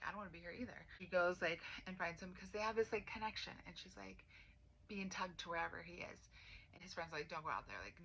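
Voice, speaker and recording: A woman giving a casual, chatty book recap, leaning heavily on "like" and quoting characters in quick asides. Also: on the low side, pushed and bright. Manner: chatty, filler-heavy with lots of "like"; quotes characters in lightly acted asides. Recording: dull lo-fi sound with faint noise.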